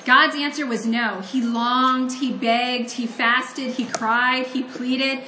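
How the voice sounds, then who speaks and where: A woman's voice: a little high, steady tone, slow, bright, forceful tone, echoey room, slight background noise. A woman from Ohio giving a conversational, earnest sermon that mixes scripture reading with personal storytelling. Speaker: preacher.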